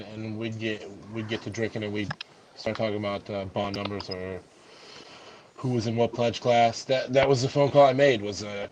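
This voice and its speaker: Man, lowish voice, halting casual talk, noisy background. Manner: halting, restarts sentences. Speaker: fraternity brother, guest. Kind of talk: casual chat. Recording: steady background noise.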